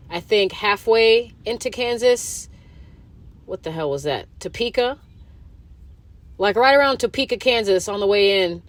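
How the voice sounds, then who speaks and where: A woman hosting her own podcast, talking alone in a casual, rambling way, swearing often and using lots of fillers. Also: fairly low pitch. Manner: rambling and profane, full of fillers. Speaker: podcast host. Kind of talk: casual solo monologue.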